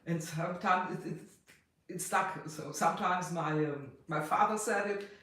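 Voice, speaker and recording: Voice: medium pitch, sharp tone. Echoey German-accented livestream host. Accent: Austrian-tinged German. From West Germany. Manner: halting, with many fillers and restarts, greeting viewers in several languages. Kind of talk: casual livestream chat with viewers. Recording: very echoey room.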